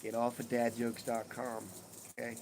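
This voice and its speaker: A man's voice: medium pitch, completely flat delivery, moderate pace, darkish tone, a little hiss or hum, low-quality recording. A middle-aged man hosting a casual live stream from his porch, swearing freely and cracking jokes. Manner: profane, joking banter. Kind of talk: casual chat with viewers. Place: outdoors on a home porch.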